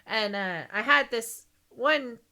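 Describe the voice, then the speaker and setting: A woman's voice: fairly high pitch, lively intonation, slow, pushed and bright, slight background noise. A woman in her thirties from Texas with a light Texan American accent, chatting and giggling her way through a rambling stream sign-off. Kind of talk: casual stream chat.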